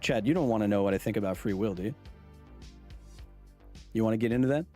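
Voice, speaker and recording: A man's voice: on the low side, fast talker, warm tone, faint music behind. A man in his thirties hosting a science podcast livestream, chatting loosely and jokingly with viewers, full of fillers and restarts. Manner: jokey, teasing back at chat. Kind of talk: casual live-stream chat reading viewer comments.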